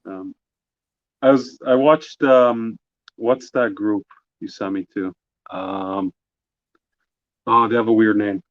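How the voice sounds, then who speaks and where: A man's voice: on the low side, fairly even intonation, slow pace, long pauses, no room sound, muffled recording. A man co-hosting a live stream, chatting casually and teasing the artist, often breaking into laughs. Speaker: co-host. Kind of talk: casual chat.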